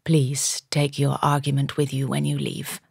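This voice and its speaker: Woman doing a drawling, bored English gentleman. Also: rumbling low, completely flat delivery, creaky, breathy edge, dry recording, studio quality, voice pushed down, exaggerated voice. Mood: bored, weary. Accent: drawling upper-class English. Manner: bored, unhurried. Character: tall weary upper-class gentleman, bored and drawling. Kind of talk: audiobook character voice.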